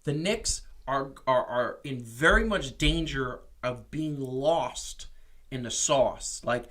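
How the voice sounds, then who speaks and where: A man co-hosting a casual sports talk show, animated and opinionated, often restarting his sentences. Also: mid-range voice, slow. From New York. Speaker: podcast co-host. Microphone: streamed show mic.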